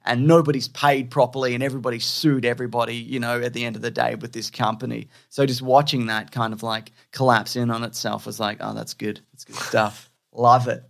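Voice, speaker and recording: A man's voice: mid-range voice, little pitch movement, fast talker, creaky. A man co-hosting a podcast in casual chat, rambling with lots of fillers and restarts, blunt and scornful. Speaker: podcast co-host.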